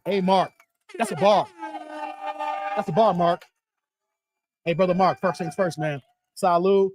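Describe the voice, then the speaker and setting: Man hosting a lively live stream. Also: high-pitched, measured pace, a little hiss or hum. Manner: animated, laughs often, reads viewer messages aloud. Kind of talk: casual live stream reaction chat.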